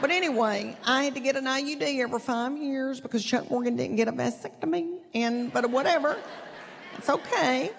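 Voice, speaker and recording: A middle-aged woman from East Tennessee with a Southern accent, telling chatty, self-deprecating stand-up stories in a drawn-out folksy way. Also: sits high, crowd noise, noisy background. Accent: Southern American (East Tennessee). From East Tennessee, USA. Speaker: stand-up comedian. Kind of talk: stand-up storytelling. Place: large theater stage with audience. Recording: long hall reverb, clear audience ambience.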